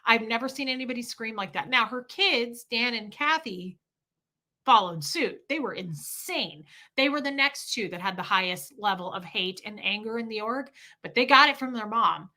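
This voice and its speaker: A woman on a casual livestream, spinning stories for her chat with a bright, forward tone. Her voice sits a little high and she swears freely, jumping into the voices of the people she describes. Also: normal speed. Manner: animated, profane, acts out quoted people. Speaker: livestream host. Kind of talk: casual storytelling to a live chat.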